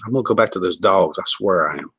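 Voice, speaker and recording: A man's voice: deep voice, fast, fairly bright tone, slightly rough. A man hosting a casual livestream, joking, laughing often and rambling as he greets viewers and reads comments. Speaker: livestream host.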